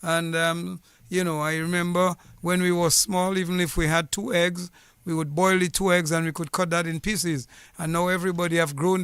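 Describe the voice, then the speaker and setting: A man with a high, clear, resonant voice tells his story in a studio radio interview. His manner is earnest and formal, wandering from detail to detail. The sound is dry and close on a studio mic. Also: a bit bright, no room sound. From Dominica. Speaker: guest, former police officer. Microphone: studio mic with headset.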